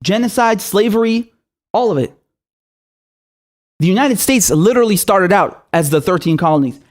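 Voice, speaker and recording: A young man in full fury, ranting on his own political show. He swears constantly and throws accusing questions at his targets, his voice pitched high for a man and tight with anger. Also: moderate pace. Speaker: political commentator. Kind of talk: angry political rant.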